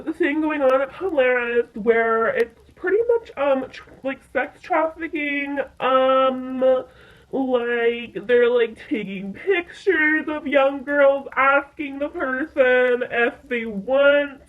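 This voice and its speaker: Young woman doing her friend's mom, slow and high, lots of ums, tinny phone-ish sound. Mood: matter-of-fact. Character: friend's mother, middle-aged woman, calm, matter-of-fact.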